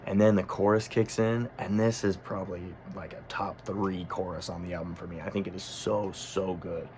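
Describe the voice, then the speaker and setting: A low-voiced man with a gravelly, creaky edge gives a relaxed music review. He thinks aloud as he goes, often pausing on ums and correcting himself mid-sentence. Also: a little hiss or hum. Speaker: music critic. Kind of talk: casual album review monologue.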